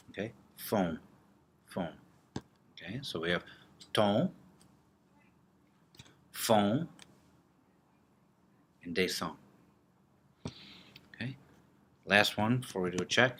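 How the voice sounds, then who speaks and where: A man teaching French vocabulary, slowly repeating each word and drilling it with gestures, checking in with "okay" often. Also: lowish voice, fairly bright tone, breathy edge. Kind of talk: classroom vocabulary lesson.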